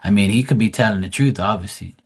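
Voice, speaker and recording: Casual male streamer, lowish voice, blunt, swears freely, rambles and restarts. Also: quick pace, breathy edge. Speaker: live stream host. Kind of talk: casual livestream chat.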